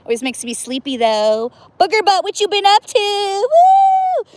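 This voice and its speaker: A woman's voice: extremely high pitch, big pitch swings, measured pace, a little mellow, no room sound. A woman casually chatting on a livestream from outdoors by cold water, playful and laughing often, whooping now and then. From US Northwest. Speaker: livestream host.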